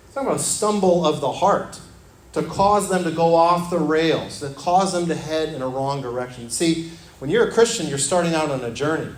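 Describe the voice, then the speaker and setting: A man preaching a sermon as pastor in a church. He talks earnestly and repeats his phrases, dropping to a soft, low voice when he quotes scripture. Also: brisk. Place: church sanctuary. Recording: echoey church room with faint ambience.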